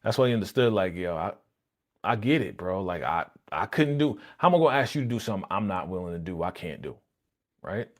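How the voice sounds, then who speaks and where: A low-voiced man riffs loosely and casually as he hosts a live reaction stream. He talks in an animated, slangy way and speaks directly to his viewers in the chat. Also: brisk.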